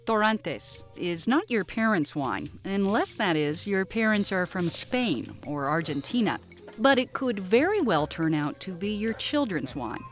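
Expressive woman narrating a science report. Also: medium pitch, a little slow, soft background music. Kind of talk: scripted documentary narration.

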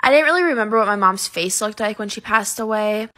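Woman, mid pitch, earnest and steady, spooky storytime. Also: fast talker.

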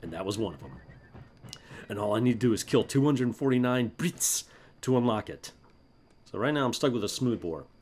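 A man from South Carolina commentates on his own gameplay, swinging from excited shouts and laughter to relaxed history asides. His voice sits low but leaps widely in pitch. He swears casually as he plays, with a faint hum in the background. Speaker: gaming channel host.

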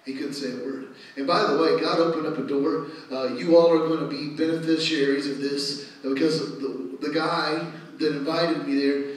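Middle-aged male pastor, animated storytelling sermon, slightly high voice, distant mic in a very echoey sanctuary. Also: normal speed, hardly any pauses. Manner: animated storytelling, rising to loud exclamations. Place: church sanctuary.

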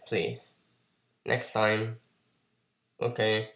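Slow-talking man riffing on a cartoon. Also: lowish voice, steady tone, a bit bright. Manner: chatty, playful, mimics characters. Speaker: reaction video host. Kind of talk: casual commentary over a cartoon. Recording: echoey room.

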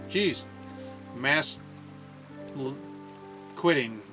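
A man's voice: medium pitch, lively intonation, normal speed, a bit bright. A man hosting a let's play, commentating on a video game with joking, self-mocking asides. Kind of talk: gameplay commentary. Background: faint game music.

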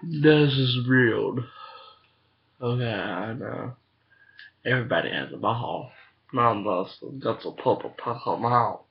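A man's voice: medium pitch, slow, creaky, long pauses. A man in casual webcam chat, rambling and profane, recorded on a webcam mic. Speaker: vlogger. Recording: dull lo-fi webcam audio, faint hiss.

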